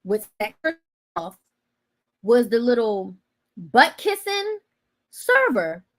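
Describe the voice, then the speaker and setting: A woman hosting a casual chat, telling a personal story in a dramatic way that swings between loud outbursts and quiet asides. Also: a little high, sing-song, slow pace. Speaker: host.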